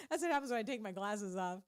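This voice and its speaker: Animated, preachy woman radio host. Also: a little high. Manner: animated and preachy, often laughing. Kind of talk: casual faith-based radio talk.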